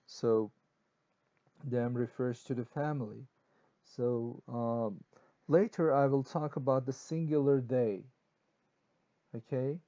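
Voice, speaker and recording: A man's voice: mid-range voice, steady tone, takes it slowly, long pauses, dark tone, muffled recording. A man teaching a grammar lesson, explaining in short bursts with frequent "okay" and fillers.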